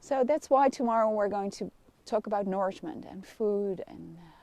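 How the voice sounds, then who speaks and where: A middle-aged woman with a Dutch accent, a kinesiologist giving a gentle, soothing live lesson and laughing softly now and then. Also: medium pitch, moderate pace, no echo. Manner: gentle, soothing guidance with frequent soft laughs. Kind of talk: live-streamed wellness lesson.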